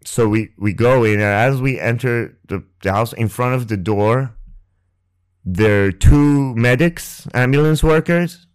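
A man hosting a podcast and telling a painful personal story. He speaks haltingly and emotionally, restarts often and swears, close to the mic. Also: medium pitch, smooth, dry recording. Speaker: podcast host. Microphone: close ASMR microphone.

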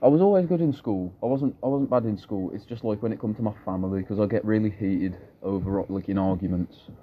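Young man, very low voice, blunt and sweary storyteller, faint background hum. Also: quick pace, lo-fi sound. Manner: blunt, swears freely, rambling anecdotes. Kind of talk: casual chat.

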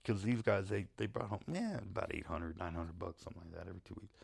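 Brief: low, gravelly guy, casual and foul-mouthed, spinning a long yarn. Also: quick pace. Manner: rambling, swearing, laughing at his own story. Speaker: storyteller. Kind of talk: profane casual storytelling.

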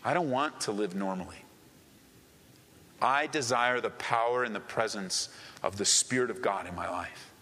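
Bright-voiced preacher man in a reverberant hall. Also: lowish voice, normal speed, slight background noise. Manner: earnest preaching with emphatic repetition. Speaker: pastor. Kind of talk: sermon.

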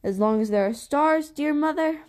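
A woman's voice: sits high, lively intonation, moderate pace, darkish tone, pitched above the performer's own voice. A woman reading as an eager stargazing uncle. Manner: eager, wondering storyteller. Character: enthusiastic stargazing uncle, adult man.

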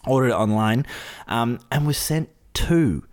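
A woman's voice: extremely low pitch, expressive, unhurried, a little mellow. A woman co-hosting a podcast, chatting casually, laughing often and trailing off into restarts. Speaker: podcast co-host. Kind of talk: casual chat.

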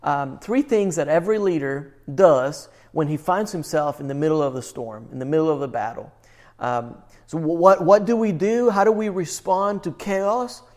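A man preaching a sermon, moving between animated, incredulous outbursts and hushed, earnest delivery. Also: on the high side, normal speed. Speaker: pastor.

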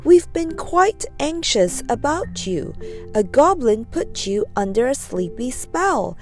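A woman's voice: sits high, very animated, slow pace, soft background music, exaggerated voice. A woman voicing an anxious young girl pleading in a storybook reading.

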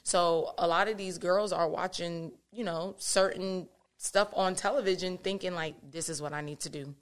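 A woman guest in a casual podcast conversation. She tells stories with animation and giggles between lines. Her voice sits a bit lower than most women's. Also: fairly even intonation, moderate pace, clear, resonant tone. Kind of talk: casual chat.

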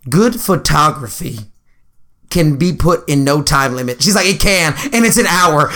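A young man chats in a slightly high, bright voice. He sounds laid-back, laughs often and curses casually. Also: animated, normal speed. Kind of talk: casual chat.

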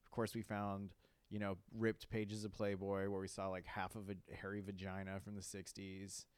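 Low-voiced laid-back guy. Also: completely flat delivery, moderate pace, smooth, dry recording. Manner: rambling, swears a lot, says "like" often. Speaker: podcast host. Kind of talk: casual storytelling monologue.

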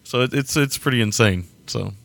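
A man's voice: medium pitch, normal speed, creaky, a bit bright, no room sound. Rambling, chuckling male podcast host. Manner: rambling, chuckling, stumbles over names. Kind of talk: casual film chat.

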